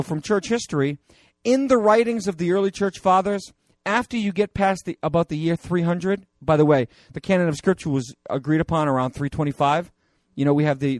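A male pastor preaching a conversational sermon, animated and digressive, with many fillers and restarts. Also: sits high, no echo.

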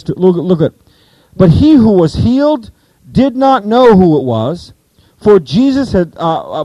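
A man preaching a conversational sermon, his voice high and very lively as he acts out the voices in the stories. His tone is mellow and warm. The sound is close and dry. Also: no room sound, rough recording. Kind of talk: expository sermon.

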